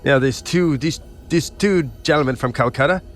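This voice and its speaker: A man voicing a crude, bigoted English gentleman collector with a put-on English accent, haughty and profane. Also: fairly high pitch, normal speed, voice pushed up, close to an everyday voice. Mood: indignant.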